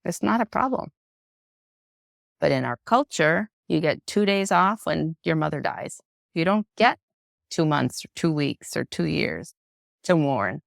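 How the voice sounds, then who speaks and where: A woman psychotherapist speaking as a podcast guest in an unscripted, frank and personal way, reflective and expressive. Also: low voice, a little slow, vocal fry, no echo, clean studio sound. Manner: reflective, expressive, acts out quoted voices.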